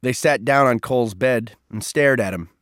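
An audiobook narrator, a man, reads a novel aloud in a measured, even storytelling style. It's scripted narration in a mid-range voice, recorded dry with studio quality.

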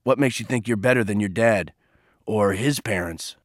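Man doing a grave low older mentor. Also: no room sound, studio quality, natural voice. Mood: probing. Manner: slow, grave, probing. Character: stern older male mentor, low and steady.

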